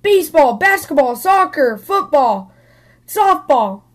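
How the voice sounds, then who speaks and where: A woman reading a storybook aloud, voicing a rowdy, sporty male otter who shouts with excitement. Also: sits high, takes it slowly, heavily acted. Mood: boisterous. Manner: loud and excited.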